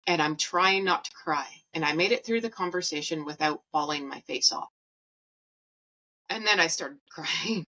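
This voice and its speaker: A woman with a low voice and a bright, forceful tone hosts her podcast alone. She tells her own story candidly, with dry humor and plain emotion, and acts out the people in it. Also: moderate pace, low-quality recording. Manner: candid, wry and emotional, with quoted asides. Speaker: podcast host. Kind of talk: personal storytelling monologue.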